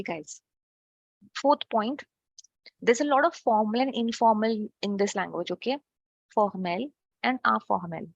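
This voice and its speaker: A woman's voice: a little high, creaky, no room sound. Woman, online language teacher, patient step-by-step explainer; dry, muffled video-call sound. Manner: explains step by step with frequent "okay" checks. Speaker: French teacher. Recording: dull lo-fi online call audio.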